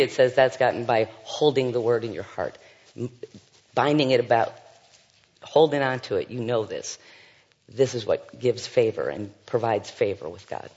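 A man's medium-pitched voice with a breathy edge belongs to a Bible teacher leading a study. He reads scripture and comments on it, often using fillers and asides, in a dull-sounding recording with long hall reverb.

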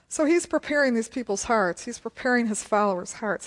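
A woman's voice: on the high side, expressive, brisk, hardly any pauses. A woman leading a Bible study, reading scripture aloud and chatting about it, laughing often.

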